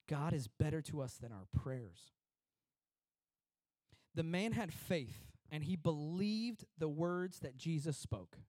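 A high-pitched male pastor preaching in a relaxed, conversational way, slipping into lively voices as he acts out people praying. The sound is close and dry, with no room around it. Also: no echo. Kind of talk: sermon.

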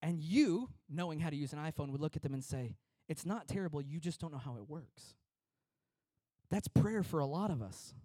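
A high-pitched male pastor preaching in a relaxed, conversational way, slipping into lively voices as he acts out people praying. The sound is close and dry, with no room around it. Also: breathy edge, no echo. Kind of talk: sermon.

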